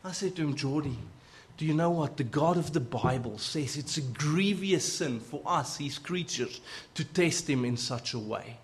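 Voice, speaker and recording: Casting note: man preacher, earnest animated storyteller, slightly higher voice. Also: normal speed, slight background noise. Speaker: preacher telling a testimony. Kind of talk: sermon storytelling.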